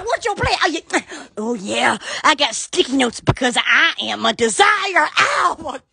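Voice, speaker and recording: A very high-pitched woman chats on a phone live stream, her voice bright and sharp. She talks slowly, with lively swoops in pitch. She squeals, yelps and laughs between her words. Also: creaky. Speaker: live-stream host selling shop goods. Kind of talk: rambling live-stream chat.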